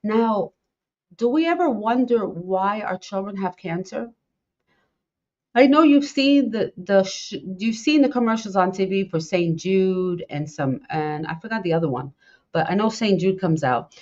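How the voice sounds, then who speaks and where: A woman's voice: medium pitch, darkish tone. A middle-aged woman hosting a podcast, talking in an impassioned, rambling way and repeating herself. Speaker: podcast host. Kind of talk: casual talk. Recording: dull lo-fi sound.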